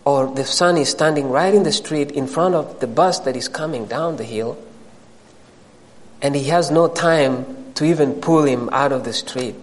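A man's voice: mid-range voice, moderate pace, long reverb tail, poor audio. A man preaching a sermon to a congregation, addressing them directly and rising into emphatic questions.

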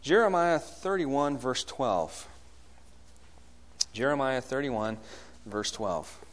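A man preaching a sermon, asking the congregation questions and swinging between loud bursts and hushed lines. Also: medium pitch, big pitch swings, slow.

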